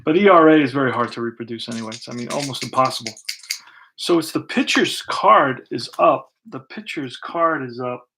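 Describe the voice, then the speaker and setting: A man's voice: medium pitch, moderate pace. A man hosting and narrating a tabletop baseball replay in a casual play-by-play style, thinking aloud as he rolls dice and pulls cards. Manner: relaxed, thinks aloud while rolling dice and pulling cards.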